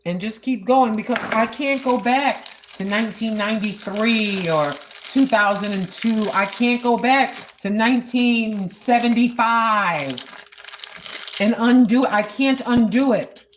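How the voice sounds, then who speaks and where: Unhurried and fairly high-pitched, with a slight hiss or hum, an American woman in her sixties vlogs as she walks outdoors. She delivers earnest spoken prayer and testimony in a repetitive, preacherly way.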